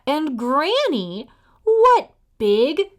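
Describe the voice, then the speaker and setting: A woman's voice: high voice, big pitch swings, drawn-out words, voice pushed up, heavily acted. A woman voicing a polite, innocent little girl in a read-aloud fairy tale. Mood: wondering.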